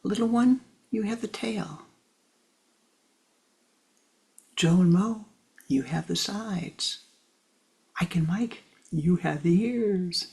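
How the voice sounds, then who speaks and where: A woman voicing a wise, calm owl that gently chides, in a spiritual teaching story. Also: lowish voice, vocal fry, low-quality recording. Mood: amused, calm. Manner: gently chiding, soft and unhurried.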